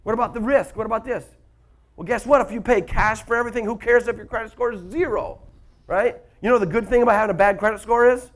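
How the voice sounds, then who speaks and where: A man's voice: very high voice, steady tone, fast. A man giving a motivational workshop talk to a live audience, telling stories and asking the audience questions. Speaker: motivational speaker.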